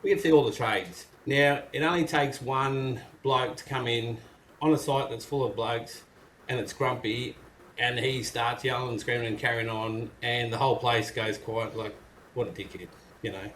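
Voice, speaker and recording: A man's voice: mid-range voice, steady tone, moderate pace, a bit bright. A middle-aged Australian man, a carpenter and business owner, talking frankly and casually as an interview guest. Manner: blokey, frank, acts out what people say in a gruff voice. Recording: echoey room with faint noise.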